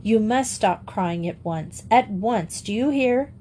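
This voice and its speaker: A firm young headmistress who keeps her voice steady and stern, as a woman reads her in a storybook. Her tone sits in a middle register. It is a plain, composed delivery. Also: mid-range voice, slow pace, slight background noise.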